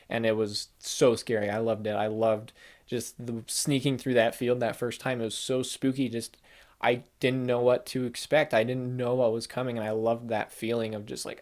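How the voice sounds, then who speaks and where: A young man talks through a game he loved in a loose, excited ramble. He keeps slipping into quick put-on voices for the lines he quotes. His voice sits at an ordinary middle pitch. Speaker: game reviewer. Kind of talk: casual spoiler chat.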